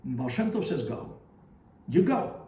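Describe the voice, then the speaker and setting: A man, a rabbi, telling a story in a sermon with animated, dramatic delivery. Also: medium pitch, fast, far from the mic. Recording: roomy echo, faint ambience.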